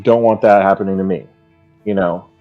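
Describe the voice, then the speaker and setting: A man's voice: sits low, fairly even intonation, fairly quick, highs cut off, soft background music. A man co-hosting a casual book podcast, musing over the plot in a hesitant way full of restarts. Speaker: podcast co-host.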